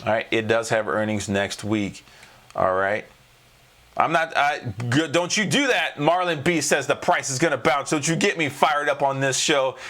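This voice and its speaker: A man hosts a live trading show and talks viewers through stock charts. His delivery is animated and emphatic, and he keeps checking in with a quick "all right?". His voice has a bright, forward tone. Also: mid-range voice. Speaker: trading coach and show host.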